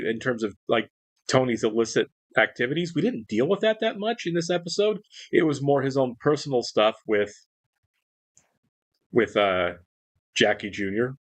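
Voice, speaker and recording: A man's voice: fairly low pitch, a bit bright, dry recording. A man hosting a reaction show, talking through an episode recap in a casual, rambling way with frequent restarts. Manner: rambling, many restarts and fillers.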